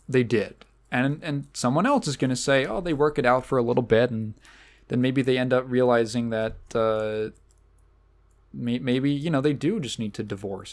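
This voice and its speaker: A man co-hosting a podcast, rambling through a casual film discussion with lots of restarts and the odd swear word. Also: medium pitch. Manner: rambling, many restarts and fillers. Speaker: podcast co-host.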